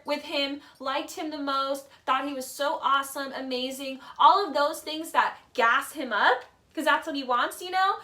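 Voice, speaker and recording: Bright, high-voiced woman ranting about a show. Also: recorded from a distance. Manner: chatty, opinionated, heavy on "like" and "literally"; acts out quoted lines in mock voices. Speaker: reality TV commentator. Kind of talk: casual video essay commentary.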